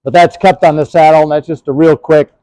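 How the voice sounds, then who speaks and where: A man's voice: a little high, fairly even intonation, a little fast, dark tone, dry recording, low-quality recording. A middle-aged man giving a casual, rambling demonstration of his gear outdoors beside his horse, with lots of fillers. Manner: folksy, rambling, many fillers. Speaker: historical horse trekking presenter.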